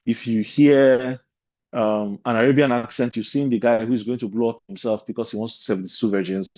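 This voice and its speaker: In a mid-range voice with fairly even intonation, a man speaks at normal speed while giving an informal leadership-course lecture full of discursive asides. The dry recording is slightly dull and lo-fi.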